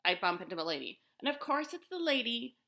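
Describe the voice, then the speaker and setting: A woman's voice: a little high, very animated, quick pace, bright, forceful tone. A woman telling a personal story to the camera in a casual, rambling way, with lots of fillers and restarts.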